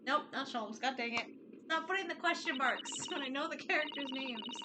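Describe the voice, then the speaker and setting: A woman streamer giving casual gaming commentary, chatty and quick to react to what happens on screen. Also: high voice. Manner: chatty, excitable reactions to the game. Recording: loud background noise.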